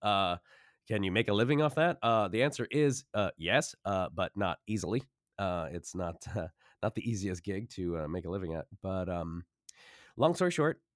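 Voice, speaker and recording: A man's voice: sits low, no room sound, studio quality. A man in his forties, a puppeteer, telling a story in casual chat and acting out the voices of others. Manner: animated storyteller who acts out voices. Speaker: puppeteer and voice narrator.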